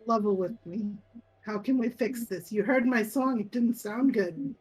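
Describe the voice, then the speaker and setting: A woman's voice: a little high, measured pace, a little mellow, slightly rough, low-quality recording. A woman voicing a blunt, ambitious soldier who asks for a promotion in a matter-of-fact way.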